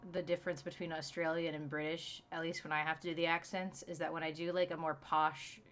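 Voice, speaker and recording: A man's voice: a little high, level tone, brisk, fairly bright tone. Rambling, self-mocking man from Texas. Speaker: streamer. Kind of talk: casual chat while gaming.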